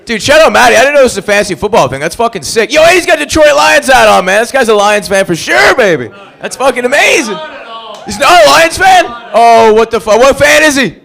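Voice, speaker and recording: Hyped, yelling high-voiced comedian. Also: male voice, expressive, brisk, gravelly. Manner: hyped, shouting, profane. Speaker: stand-up comedian. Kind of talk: stand-up comedy.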